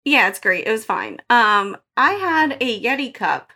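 High bright-voiced woman, giggly storyteller. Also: a little slow. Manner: animated storytelling, laughs often. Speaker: podcast co-host. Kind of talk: casual podcast chat.

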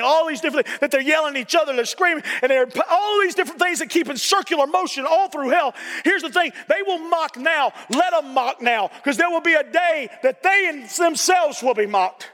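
A middle-aged male pastor preaching a sermon in a church. He repeats his phrases and breaks into emphatic shouting. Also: very high-pitched, lively intonation, brisk, hardly any pauses, in a large hall. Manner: emphatic, repetitive, bursts into shouting.

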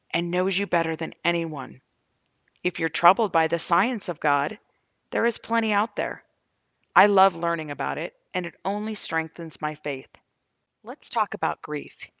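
Earnest grieving mother, gravelly voice. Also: on the low side, fairly bright tone, no room sound. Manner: earnest, questioning, heartfelt. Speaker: grieving mother sharing her faith testimony. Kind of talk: reading her own journal posts aloud.

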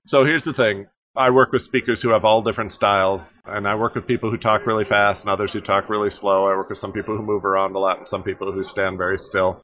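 A man's voice: fairly low pitch, fairly even intonation, fast talker, hardly any pauses, fairly bright tone. A man who coaches speakers, guest on a podcast interview, talking emphatically and repeating phrases for effect.

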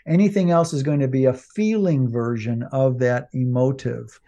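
A man's voice: medium pitch, moderate pace, hardly any pauses, mellow, highs cut off. A man co-hosting a podcast, talking casually with many fillers and restarts. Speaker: podcast co-host.

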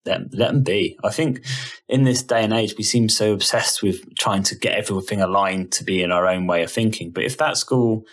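A man's voice: fairly low pitch, moderate pace. A man co-hosting a podcast, speaking thoughtfully and hesitantly, with many repeated words. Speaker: podcast co-host. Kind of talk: casual podcast chat.

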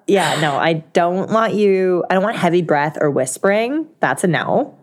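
A woman's voice: lowish voice, animated, normal speed. Young woman chatting on a podcast, giggly, voice bouncing up and down a lot. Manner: giggly, laughs often mid-sentence. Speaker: podcast co-host. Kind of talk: casual chat.

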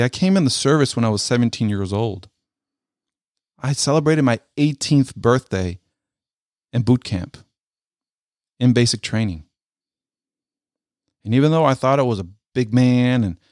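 A middle-aged man, a military veteran, telling a personal story in an earnest, halting way and often repeating his words. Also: on the low side, a little mellow, no room sound, studio quality.

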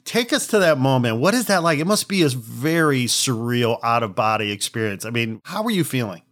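A man's voice: mid-range voice, sing-song, fairly quick, fairly bright tone. A man hosting an interview, asking probing questions and giving short encouraging affirmations. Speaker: interview host. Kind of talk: conversational interview.

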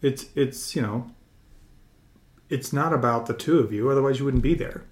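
Male host, conversational, encouraging, easy laughter, mid pitch. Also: moderate pace. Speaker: podcast host. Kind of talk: casual interview chat.

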